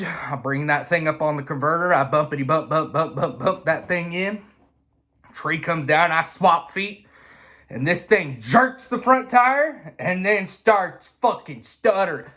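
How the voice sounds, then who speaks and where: A man telling a comic drag racing story in a profane, animated storytelling monologue, full of imitations and bursts of shouting. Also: a little high.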